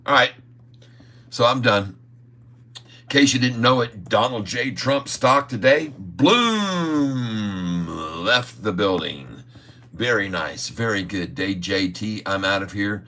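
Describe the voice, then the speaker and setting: On his casual market-commentary livestream, a middle-aged day trader talks at a measured pace in a voice that's on the low side, pushed and bright. He's folksy and emphatic, laughs often, and keeps addressing everyone as "folks".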